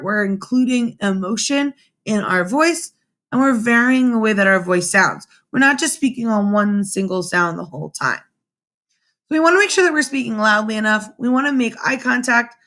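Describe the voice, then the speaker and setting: A young woman teaching a remote class from home through her computer's webcam, in a lively manner, often checking in with her students with "right?". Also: a little high, moderate pace. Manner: animated, addresses students directly with frequent "right?". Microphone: computer webcam mic.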